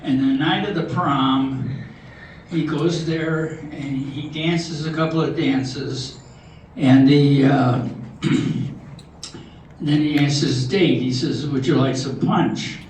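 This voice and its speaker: An older man tells jokes with a slow, halting delivery, stumbling over his words. His voice sits slightly high. It carries from a distance through a very echoey hall, with noticeable room noise behind it. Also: fairly even intonation, darkish tone. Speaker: comedian at a talent show. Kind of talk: stand-up joke telling. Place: large hall with live audience.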